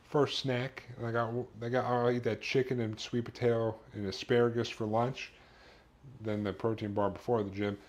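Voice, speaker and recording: A man streaming himself cooking at home, chatting in a rambling way that keeps breaking off and restarting. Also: medium pitch. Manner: rambling, self-interrupting storyteller. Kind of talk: casual chat while cooking. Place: home kitchen. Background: kitchen dishes and cutlery clatter.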